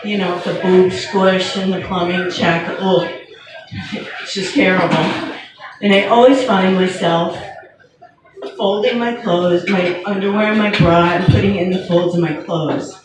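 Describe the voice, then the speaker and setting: A woman in her fifties doing a stand-up comedy set, telling stories in a wry, deadpan way with pauses before the punchlines. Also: lowish voice, over music. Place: comedy venue. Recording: echoey room heard from far off, with noise.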